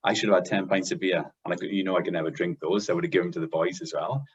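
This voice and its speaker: Male podcast co-host, deep and husky, chatty storyteller. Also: fairly even intonation, very fast, lo-fi sound. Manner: chatty storyteller, laughs at own jokes. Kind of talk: casual podcast chat, telling jokes.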